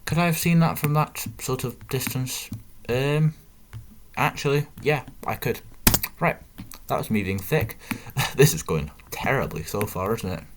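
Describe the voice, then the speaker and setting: A man's voice: medium pitch, measured pace, slight background noise. A young man, chatting casually and putting himself down while thinking aloud over a game. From northern England. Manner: chatty, self-deprecating, thinks aloud with muttered asides. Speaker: gaming video host. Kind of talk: casual gameplay commentary.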